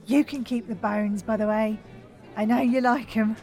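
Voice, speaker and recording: A man's voice: sits high, steady tone, normal speed, gravelly, a little mellow, faint music behind, pitched above the performer's own voice. A man voicing a mischievous, playful young woman companion, giggly and conspiratorial.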